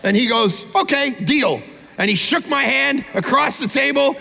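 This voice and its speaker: A middle-aged male pastor preaching with a high, gravelly, forceful voice, punching his points hard. His sermon carries a long reverb, as if it fills a large church hall. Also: normal speed. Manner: emphatic, swings from loud exhortation to low intense asides.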